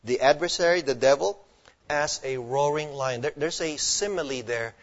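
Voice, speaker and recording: Pastor guy preaching hard, keeps asking the crowd questions, kinda high voice, muffled recording. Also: normal speed. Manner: emphatic, quizzes the congregation with questions. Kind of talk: sermon. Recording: dull lo-fi recording.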